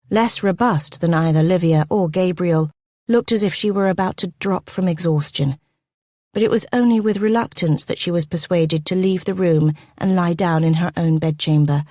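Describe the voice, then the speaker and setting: A woman narrating a period romance audiobook, her voice fairly low and measured. The reading is expressive and recorded close and dry. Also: dry recording. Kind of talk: scripted narration.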